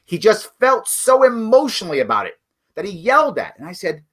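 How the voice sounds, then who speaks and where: A middle-aged host of a political commentary livestream speaks briskly, his bright, forceful, slightly high voice swooping wildly in pitch with a breathy edge. He's blunt and emphatic, talking directly to viewers.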